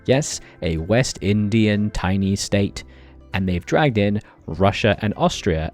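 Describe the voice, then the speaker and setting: A man's voice: on the low side, lively intonation, slow pace, a little mellow, faint music behind. A man commenting on his strategy game playthrough with wry jokes and exasperated asides. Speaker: gaming commentator. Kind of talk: let's play commentary.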